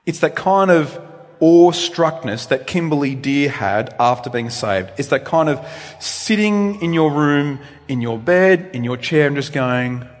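A man preaching a sermon in a church, with animated delivery that swings between loud emphasis and quiet reflection. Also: fairly high pitch, a little slow. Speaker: pastor. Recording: long reverb in a church.

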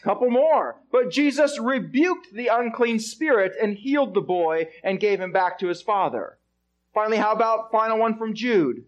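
A man's voice: sits high, expressive, normal speed, lo-fi sound. A male pastor preaching an expository sermon, stressing his points and asking the congregation rhetorical questions.

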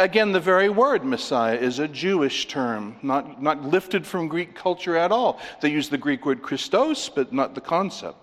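A man preaching an expository sermon, emphatic as he walks listeners through scripture references. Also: a little high. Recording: long reverb of a large hall.

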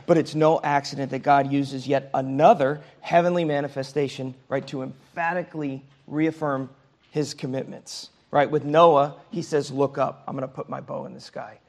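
Gravelly man teaching Sunday school. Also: mid-range voice, a little mellow. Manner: conversational, often checks in with "okay?" and "right?". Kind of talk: Bible class teaching.

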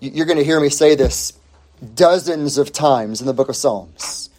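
A man preaching a sermon, emphatic, stretching key phrases out slowly and rising sharply on the points he stresses. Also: a little high, a little mellow. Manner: emphatic, with slow drawn-out phrases and sudden rises.

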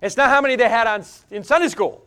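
A male pastor preaching a sermon, swinging from loud exhortation down to hushed intensity and back. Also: very high-pitched, fast talker, clean tone.

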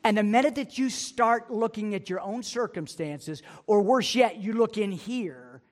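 Earnest high-voiced male pastor preaching. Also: unhurried. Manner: earnest, building emphasis with repeated phrases. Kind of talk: sermon.

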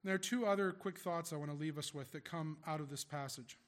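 A male pastor delivering a sermon in a fairly high voice. He talks conversationally, reading scripture and then putting rhetorical questions to his listeners. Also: fairly quick.

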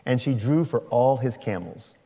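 A man reading a long scripture passage aloud in a slow, measured way. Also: mid-range voice, dark tone, long reverb tail. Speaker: scripture reader.

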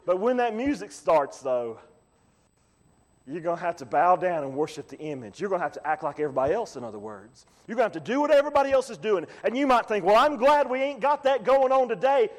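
Male pastor, high voice, dramatic preaching from hush to shout, hall reverb. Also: sing-song, fast talker. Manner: preaching with big swings from quiet to loud. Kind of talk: sermon.

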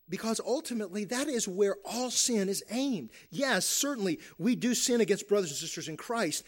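A man's voice: high voice, very animated, fairly quick, hardly any pauses. A man preaching a sermon as pastor, earnest, restarting phrases and asking "right?" often. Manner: earnest preaching with repeated restarts and tag questions.

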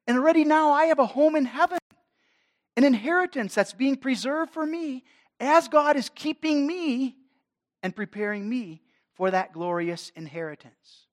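Male pastor, sermon delivery, dynamic swells and hushed drops. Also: very high voice. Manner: dynamic preaching, swelling and dropping in force.

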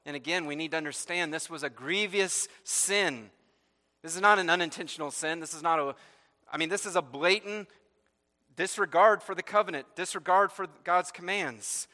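A man preaches in a church sanctuary, reading scripture passages aloud and unpacking them with rhetorical questions. His voice is bright and sits a little high for a man. A long reverb trails each phrase around the hall. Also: moderate pace. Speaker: pastor. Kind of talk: sermon.

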